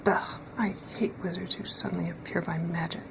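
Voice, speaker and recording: Woman doing a gruff grumbling man. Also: fairly low pitch, fairly even intonation, brisk, noisy background. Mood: grumpy. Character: grumpy grumbling middle-aged man.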